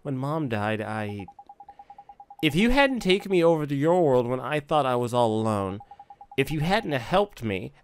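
A man's voice: mid-range voice, sing-song, unhurried, a little hiss or hum, pitched above the performer's own voice. Guy reading as earnest kid hero, mild and plain, mid voice. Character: earnest gentle young boy hero.

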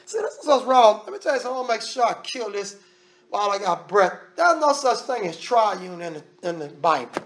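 Brisk and high-pitched with lively intonation, a man delivers a sermon as minister. He preaches emphatically and conversationally, with changing loudness and frequent sentence restarts.

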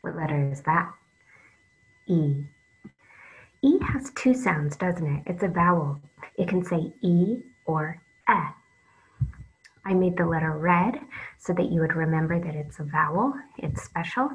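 A woman reading teacher giving an online phonics lesson, slow and patient, drawing out letter sounds with soft whispered asides. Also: fairly low pitch, expressive, husky, rough recording.

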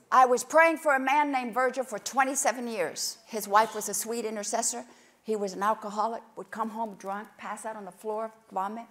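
A woman preaching at a conference with passion, dropping to hushed whispers and rising to loud outbursts as she tells stories and acts out prayers. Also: fairly high pitch. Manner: storytelling with quoted prayers. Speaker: conference speaker. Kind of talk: sermon. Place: conference stage.

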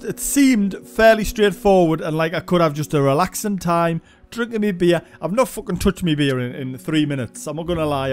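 A man's voice: fairly high pitch, a little mellow. A young man giving casual, sweary gameplay commentary, thinking aloud as he plays. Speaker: game reviewer.

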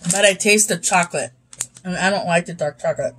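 A woman's voice: on the low side, fairly quick, a bit bright, slight background noise, low-quality recording. A young woman chatting casually as she tastes and rates snacks, sometimes talking with her mouth full. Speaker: YouTube host. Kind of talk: casual snack review vlog.

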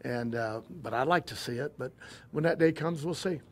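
An older man who owns a drag racing team tells stories in a casual interview, speaking at a medium pitch. His speech is halting, and he often repeats himself as he starts over.

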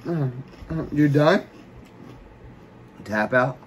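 A man's voice: mid-range voice, expressive, extremely slow, a little hiss or hum, low-quality recording. A man chatting casually while eating, joking around and talking with food in his mouth. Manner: joking, laid-back, talks with food in mouth.

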